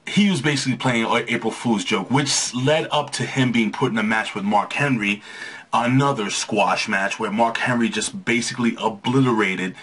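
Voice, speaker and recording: Young male host, husky low voice, loose rambling recap delivery. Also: fairly bright tone. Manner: rambling, lots of restarts and fillers. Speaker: wrestling show recap host. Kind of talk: casual recap commentary.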